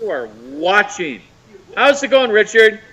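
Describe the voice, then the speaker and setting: American guy ranting on a call-in show, fairly high voice, swings all over, swears a lot and mocks. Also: measured pace, low-quality recording. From United States. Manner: profane, mocking, animated ranting. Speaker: caller. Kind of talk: heated call-in rant.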